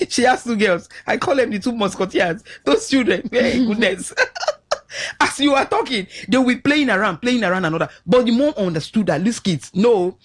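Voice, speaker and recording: A middle-aged woman with a Nigerian accent, a radio guest on parenting, telling stories with lively shifts of voice in a studio talk show. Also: fairly high pitch. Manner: animated storyteller, acts out quotes with shifts of voice.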